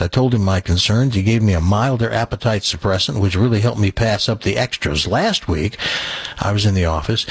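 A man's voice: lowish voice, slightly rough, no room sound. A man from Tennessee hosting a radio talk show in a studio, chatty and folksy.

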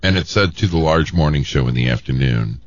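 Male co-host, low voice, lively pitch, laid-back, dull dry studio sound. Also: brisk, dry recording. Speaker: radio co-host. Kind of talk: casual radio chat.

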